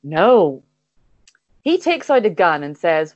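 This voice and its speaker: A woman narrating an improvised comic adventure with playful deadpan timing. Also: lowish voice, measured pace, no echo, lo-fi sound. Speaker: comedy guest and game narrator.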